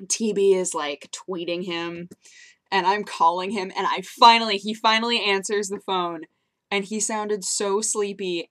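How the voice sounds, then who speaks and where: A woman's voice: mid-range voice, fairly bright tone. A young woman vlogging casually into her webcam, telling rambling stories with frequent giggles. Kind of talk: casual chatty vlog.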